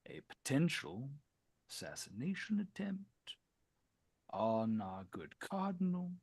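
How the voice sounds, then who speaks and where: A man voicing a troubled noble investigator close to breaking, speaking formally and earnestly, often sinking to a hushed whisper. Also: mid-range voice, slightly rough, no echo, exaggerated voice. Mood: probing.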